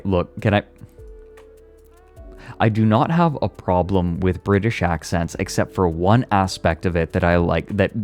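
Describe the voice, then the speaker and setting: A deep-voiced man chatting loosely on a live stream, with faint music behind him. He rambles, swears freely, leans on "like" constantly and laughs between thoughts. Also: a little mellow. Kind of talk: casual chat on a live stream.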